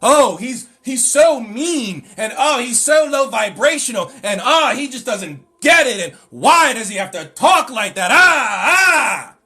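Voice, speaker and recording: A man's voice: very high-pitched, very animated, unhurried, few pauses, sharp tone, breathy edge, pitched above the performer's own voice, full character voice. A man putting on a whiny, mocking voice as an offended New Age believer. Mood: whining. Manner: whining, mocking singsong.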